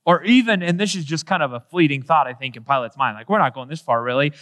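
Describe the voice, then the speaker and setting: A man's voice: fairly high pitch, animated, fast talker, few pauses, fairly bright tone. A man preaching a sermon in an earnest way, asking rhetorical questions and acting out quoted dialogue. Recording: long hall reverb.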